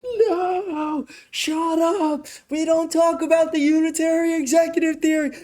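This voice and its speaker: A man putting on the voice of a furious male handler who shouts orders from off camera, shrill and barking. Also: steady tone, unhurried. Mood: shouting angry.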